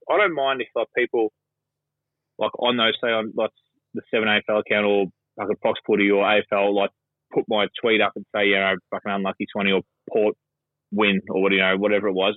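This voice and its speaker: Over a dry phone line with no room sound, an Australian man with a fairly low voice chats casually about sport as a guest pundit. He rambles, swears, and fills his talk with plenty of fillers.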